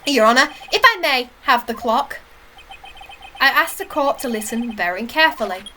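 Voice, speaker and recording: A woman's voice: high-pitched, animated, moderate pace, bright, forceful tone, slight background noise. A woman voicing an earnest young male defense lawyer who presses his argument.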